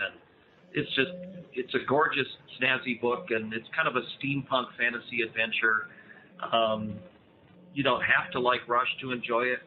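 An American man in his fifties speaks as a guest author in a casual interview. He is enthusiastic and rambling, and he often restarts his phrases. His voice comes through a thin, phone-like line with faint hiss. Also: medium pitch. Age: 50s. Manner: enthusiastic, chatty, many restarts. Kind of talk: casual interview over a call.

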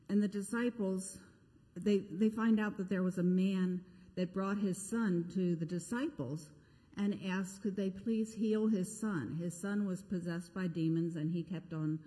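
A woman's voice: medium pitch, warm tone. A woman pastor giving a conversational sermon, telling a scripture story in a self-deprecating way. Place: church sanctuary. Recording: echoey church sanctuary.

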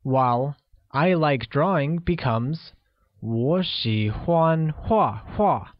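A man narrates a scripted language lesson at an unhurried, deliberate pace, laying out each phrase for learners. His voice sits a bit high. The recording is dry and somewhat dull, like a lo-fi voice-over. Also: expressive, no room sound. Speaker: language teacher.

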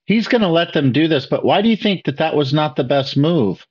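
Husky and a little high, this man's voice is animated and brisk, captured on dull-sounding audio. As a chess video host reacting to a lesson, he gives casual commentary, explaining moves one by one and quizzing his viewers.

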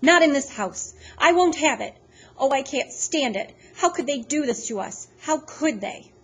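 A woman's voice: fairly high pitch, animated, brisk, breathy edge, voice pushed up. A woman reading aloud, voicing an anxious elderly grandmother who is close to tears. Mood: distraught. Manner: distressed, pleading. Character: upset elderly grandmother, fearful and tearful.

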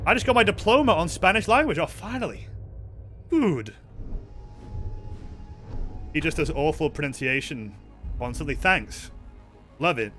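A man's voice: a little high, animated, a little slow, long pauses, fairly bright tone, soft background music. A tired man streaming a game, rambling and joking with his chat in casual talk. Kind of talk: casual live-stream chatter while gaming.

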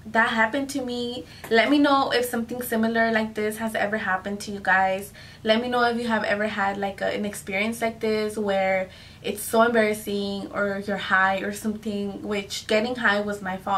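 A woman's voice: a little high, fairly bright tone, far from the mic. A young woman telling a casual storytime to her viewers, chatty and full of "like" and "you guys", slipping into Spanish phrases. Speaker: vlogger.

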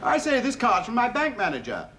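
Jovial blustering dad type, animated delivery, echoey noisy 1970s TV sound. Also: male voice, very high voice, fairly quick. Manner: blustering, good-humoured, chuckling. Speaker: sitcom father. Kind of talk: sitcom acting. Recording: noisy echoey old TV sitcom recording.

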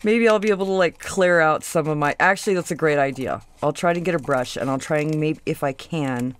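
A woman's voice: low-pitched, brisk. A woman hosting a craft video, chatting casually as she works, thinking aloud, trailing off mid-sentence and cooing at her pieces. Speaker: crafting channel host. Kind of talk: casual craft tutorial chat.

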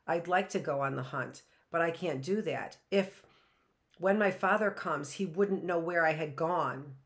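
A woman's voice: fairly low pitch, a little slow. A woman reading an anxious, stubborn boy. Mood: pleading. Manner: urgent, insistent. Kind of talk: storybook read-aloud.

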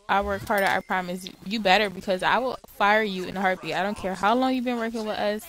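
A woman hosts a casual let's-play with chatty, exasperated commentary, cursing when annoyed. Her voice sits in an ordinary middle pitch for a woman. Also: steady tone, fairly quick, hardly any pauses, fairly bright tone, rough recording.

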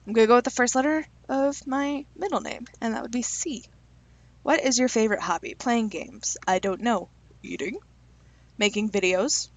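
A young woman reading quiz questions aloud and answering them with quick, self-deprecating jokes in a casual vlog. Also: on the high side, dry recording. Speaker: YouTuber taking online quizzes.

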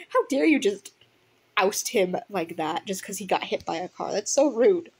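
A young woman casually reading a story aloud, giggling and reacting excitably to the plot as she goes. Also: medium pitch, normal speed, slight background noise. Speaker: audiobook reader.

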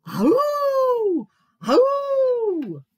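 A woman's voice: high-pitched, huge pitch swings, slow pace, no room sound, pitched above the performer's own voice, heavily acted. A woman voicing a fussy owl who hoots through her lines in a children's story. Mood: hooting. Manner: hooting.

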